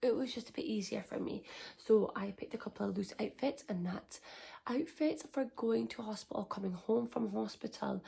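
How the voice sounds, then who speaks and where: A young woman chatting softly to camera as a parenting vlogger, giving reassuring advice, often dropping close to a whisper. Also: medium pitch, gravelly, breathy edge. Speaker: parenting vlogger, first-time mum. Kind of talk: casual advice chat to camera.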